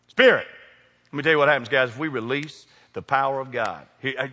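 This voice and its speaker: Male pastor, folksy humor, bright tone, long church reverb. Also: on the high side, very animated, fast talker. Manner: folksy, joking preacher addressing congregation by name. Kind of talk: sermon. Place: large church sanctuary. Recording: long hall reverb from sanctuary.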